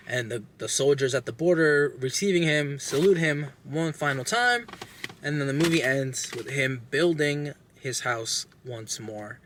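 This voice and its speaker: A young man casually recapping a movie plot with lots of swearing, animated and acting out lines. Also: mid-range voice, slight background noise. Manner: animated, profane, acts out characters' lines. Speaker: podcast host reviewing a movie.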